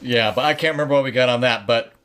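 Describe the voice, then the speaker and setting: A man's voice: medium pitch, quick pace. A man co-hosting a casual podcast, joking around and acting out little quips. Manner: joking, animated, acts out quips. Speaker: podcast co-host.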